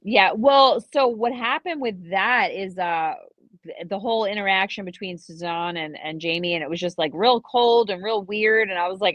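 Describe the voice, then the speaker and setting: A woman's voice: mid-range voice, moderate pace, no echo, muffled recording. A woman co-hosting a casual aftershow, telling stories and acting out what others said. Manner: animated storytelling, acts out quoted dialogue. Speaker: co-host and former contestant.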